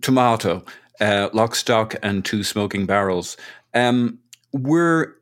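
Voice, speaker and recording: A man co-hosting a casual football podcast, talking in long rambling turns, joking at himself and swearing now and then. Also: lowish voice. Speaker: podcast co-host.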